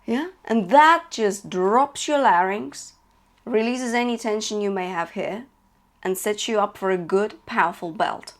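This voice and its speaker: A woman's voice: medium pitch, measured pace. A woman teaching a singing lesson as a vocal coach, checking in often and demonstrating notes. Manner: encouraging, checks in with "okay?" and "yeah?"; demonstrates sung notes between spoken instructions.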